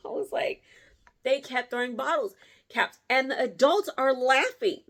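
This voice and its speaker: A woman vlogger telling a story in a casual way, animated, laughing often and jumping her voice up to act out what people said. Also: measured pace. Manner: animated, acts out quotes with big pitch jumps.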